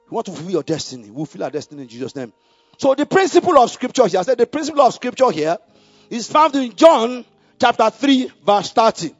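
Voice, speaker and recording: A man preaching a sermon, dropping to a murmur and rising to loud, emphatic calls, repeating key lines for the congregation to say back. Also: very high voice, no echo. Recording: dull lo-fi recording with faint music.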